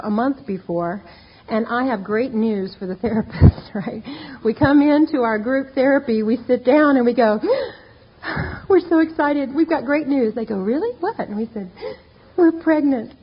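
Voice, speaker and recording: A woman's voice: a little high, slightly rough. A woman giving a candid, self-mocking personal testimony to an audience, acting out the dialogue. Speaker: speaker sharing her recovery story. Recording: dull lo-fi tape recording.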